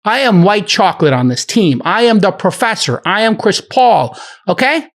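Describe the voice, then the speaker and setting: A middle-aged man moderating a podcast, ranting heatedly in a profane, animated argument. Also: high voice, normal speed.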